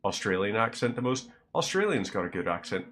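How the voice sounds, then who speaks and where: Male streamer, low voice, rambling casual chat, dry self-deprecating humor. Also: very animated, fairly quick, a bit bright. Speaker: livestreamer.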